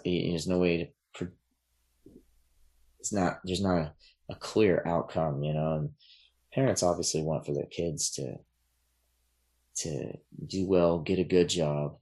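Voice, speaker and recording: A man talking as a podcast guest in casual chat, relaxed and rambling, with many fillers and restarts. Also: sits low, measured pace, long pauses, husky.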